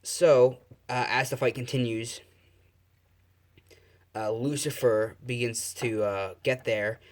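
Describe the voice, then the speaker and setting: A man's voice: medium pitch, steady tone, slow. A man telling an improvised fan-fiction story in a casual, rambling way, full of fillers and self-corrections.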